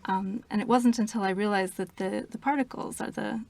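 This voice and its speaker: A woman who is a guest in an interview, explaining her ideas in a thoughtful, measured way. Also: mid-range voice, steady tone, creaky, darkish tone, dry recording. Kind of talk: conversational interview.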